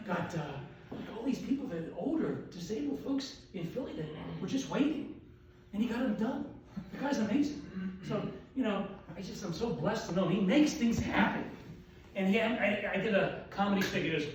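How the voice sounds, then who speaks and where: An older man from Delaware fires off self-deprecating one-liners in a high voice. He is picked up from a distance in a very reverberant hall, with clear room noise behind him. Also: expressive, normal speed, lo-fi sound. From Wilmington, Delaware, US. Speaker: orthopedic surgeon telling jokes. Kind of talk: stand-up comedy at a dinner event. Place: banquet hall with audience. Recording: roomy hall audio with crowd laughter.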